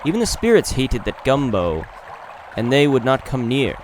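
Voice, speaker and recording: Man reading an old village storyteller, lively pitch. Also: normal speed, noisy background, close to an everyday voice. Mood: storytelling. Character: elderly village historian, storytelling. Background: game music.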